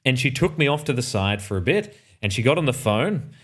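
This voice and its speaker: A man's voice: mid-range voice, sing-song, fairly quick, fairly bright tone. Australian man telling a rambling story. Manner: rambling, self-correcting, dry asides. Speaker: streamer telling a personal story. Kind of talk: casual anecdote.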